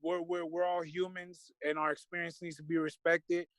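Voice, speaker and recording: Earnest man with a high voice, fillers. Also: little pitch movement, normal speed, a bit bright, dry recording, poor audio. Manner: earnest, emotional, many fillers and restarts. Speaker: guest. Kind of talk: casual discussion.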